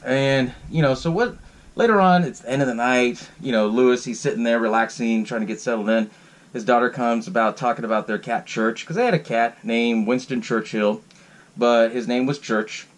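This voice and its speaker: A man's voice: medium pitch, normal speed. A man hosting his own podcast, giving a casual, rambling recap of a horror film, swearing freely and laughing between sentences. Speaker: podcast host. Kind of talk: casual solo movie recap.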